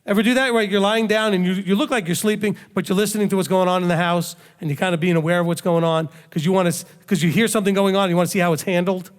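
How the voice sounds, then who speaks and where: Racing along with hardly a pause, a rabbi delivers a sermon to his congregation in a high, steady-toned voice. It's conversational, heavy on rhetorical questions and emphatic repetition, and recorded with long hall reverb.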